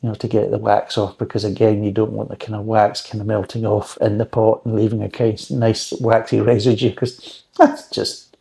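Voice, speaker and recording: Man, drinks reviewer, relaxed rambling chat with dry wit, lowish mellow voice. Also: quick pace, vocal fry, hardly any pauses. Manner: rambling, chatty, dry joking asides. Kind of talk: casual home recipe chat.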